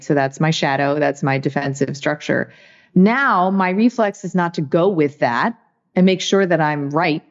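Woman, interview guest, reflective, earnest, low voice, dull lo-fi audio. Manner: reflective, earnest, with frequent "you know" and "right". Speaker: guest, author. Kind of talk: casual interview talk.

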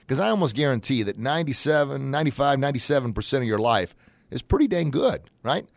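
A man hosts his own motivational talk show, folksy and upbeat, breaking into excited shouts when he acts out examples. He talks quickly in a mid-range voice with no room sound.

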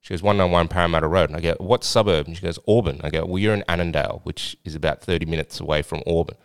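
A man's voice: low voice, steady tone, fast talker, few pauses, clean tone, no room sound, clean studio sound. An Australian man hosting a podcast, telling a story in a rambling, blunt way with some swearing. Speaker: podcast host and swingers club owner. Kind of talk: casual storytelling chat.

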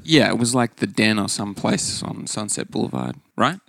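A man's voice: lowish voice, wildly swooping pitch, moderate pace, vocal fry, fairly bright tone, no room sound, studio quality. A man, a podcast guest who tells wry stories and swears casually. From Australia. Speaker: guest, psychologist and actor. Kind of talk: casual interview chat.

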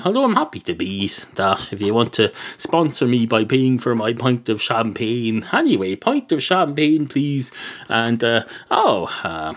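An Irish man hosting a podcast, ranting in a sarcastic, rambling comic monologue and swearing now and then. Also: medium pitch. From Ireland. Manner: sarcastic, rambling, swears, puts on silly voices for quoted people. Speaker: podcast host.

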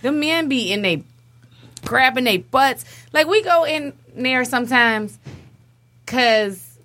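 A blunt woman in a casual group chat who swears freely and laughs between points. Her voice is fairly high and moves around a lot. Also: animated, takes it slowly, bright, forceful tone. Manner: blunt, profane, laughs while talking.

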